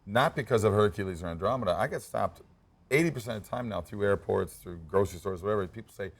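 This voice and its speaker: A middle-aged man with a low voice tells anecdotes in a relaxed interview, with stammered restarts and repeated words. He speaks as a friendly actor guest sharing stories. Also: fast talker, vocal fry. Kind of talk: casual storytelling interview.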